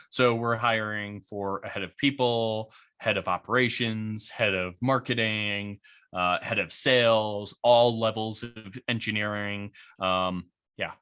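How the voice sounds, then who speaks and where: Bright-voiced man in casual chat. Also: lowish voice. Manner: relaxed, chatty, many fillers and likes. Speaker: guest, head of strategy at a crypto firm. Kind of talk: casual podcast interview.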